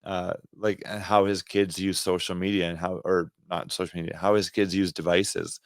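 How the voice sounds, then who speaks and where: A man's voice: sits low, flat delivery, moderate pace, no echo, clean studio sound. A Canadian man co-hosting a faith podcast, talking earnestly in a rambling, casual way with restarts. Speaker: podcast co-host.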